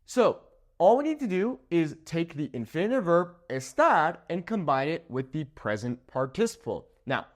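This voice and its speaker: Lively, animated man teaching a lesson. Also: a little high, normal speed. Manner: animated, checks in with "okay?" often. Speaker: Spanish teacher. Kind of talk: whiteboard grammar lesson. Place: room with a whiteboard.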